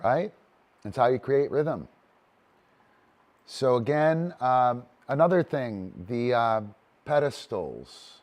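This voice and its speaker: A man's voice: medium pitch, expressive, slow, pauses often, darkish tone. A man teaching a casual online disc dog training session, talky and loose, breaking into cheery cues to his dog.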